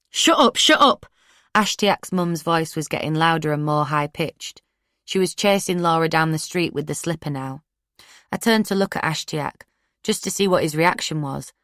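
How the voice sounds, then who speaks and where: Brief: woman, low voice, steady first-person audiobook read, dry close mic. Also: no echo. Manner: steady, plain-spoken storytelling. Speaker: audiobook narrator. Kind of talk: first-person true crime audiobook narration.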